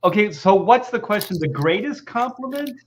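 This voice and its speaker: A man's voice: sits high, lively intonation, normal speed, slight background noise. A man telling a long personal story on a video call, rambling with many restarts and false starts. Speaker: comic book artist guest. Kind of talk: casual video call chat.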